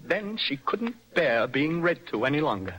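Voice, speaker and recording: A young actor playing a nervous, intense poet in a radio play, with a dreamy, impassioned manner. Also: male voice, fairly high pitch, very animated, normal speed, fairly bright tone, husky, soft background music, exaggerated voice, low-quality recording. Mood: mocking, rhapsodic. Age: young adult. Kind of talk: radio stage-play acting.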